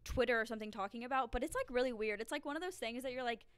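A woman chats in an animated rush, scattering "like" through her story. Her voice is fairly high and smooth, heard dry and close. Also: no room sound. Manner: animated, quick, says "like" a lot. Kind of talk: casual chat.

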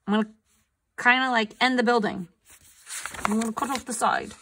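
Woman art teacher, live online lesson, slightly high, chatty and encouraging, computer mic. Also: steady tone, normal speed, pauses often, pushed and bright. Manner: upbeat, chatty, coaxing students to respond. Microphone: computer mic on a video call.

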